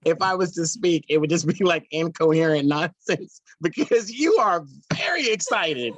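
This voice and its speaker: A man's voice: on the high side, very animated, moderate pace, hardly any pauses, a bit bright, no echo, rough recording. Laughing, teasing podcast co-host man. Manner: laughs often, interrupts, teasing. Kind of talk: casual chat.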